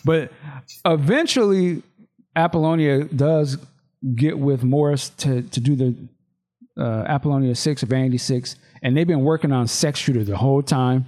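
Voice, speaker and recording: A man's voice: mid-range voice, moderate pace, warm tone. Easygoing man reading a script aloud. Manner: loose, with restarts and asides.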